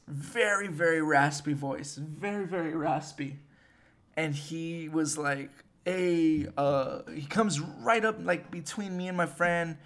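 A young man telling a story in casual chat, animated and swearing, with many fillers. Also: on the high side. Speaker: podcast host.

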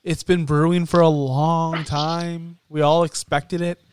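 A man co-hosting a casual wrestling podcast, excitable and rambling, with plenty of ums and fillers. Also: on the high side, unhurried, clean tone, no echo, clean studio sound. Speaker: podcast co-host.

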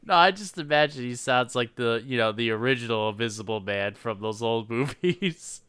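A man's voice: mid-range voice, normal speed, fairly bright tone, smooth, no echo. A man co-hosting a casual chat who laughs often, swears and mocks the characters. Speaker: podcast co-host.

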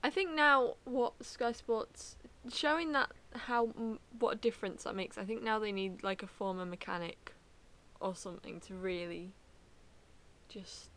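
A young woman co-hosting a podcast, chatting casually in an excitable, laughing way. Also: mid-range voice, unhurried. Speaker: podcast co-host. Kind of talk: casual chat.

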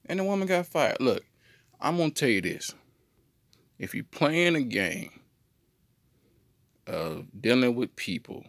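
A man telling a comedic story on a podcast in an animated, slangy way. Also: mid-range voice, a little slow, gravelly, long pauses, dry recording. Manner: animated, slangy, jumps into voices. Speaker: podcast co-host.

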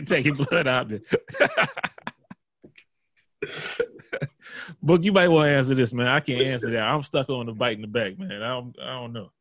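A man's voice: mid-range voice, wildly swooping pitch, measured pace, long pauses, fairly bright tone, no room sound. A man co-hosting a podcast in casual banter, laid-back and chuckling, with short interjections. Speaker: podcast co-host.

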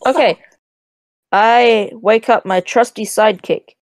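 A woman player in a tabletop game over an online call, joking quickly in casual chat. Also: on the high side. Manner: quick and jokey.

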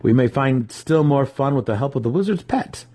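A man voicing a cruel male dark elf commander who speaks calmly, coldly and with scorn. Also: mid-range voice, breathy edge, pitched above the performer's own voice. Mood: scornful. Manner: cold, calm and measured.

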